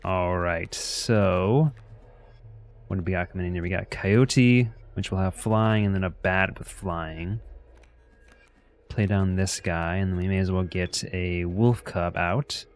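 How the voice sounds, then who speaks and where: A man's voice: sits low, measured pace. A man streaming a card game, thinking aloud and greeting chat in an easygoing way. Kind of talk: casual game commentary. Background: faint music.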